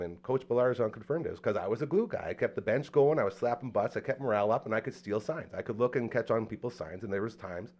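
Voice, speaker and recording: A man hosting a casual podcast chat, telling a long story with lots of energy and acting out the quotes. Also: lowish voice. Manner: animated storyteller, acts out quotes. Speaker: podcast host.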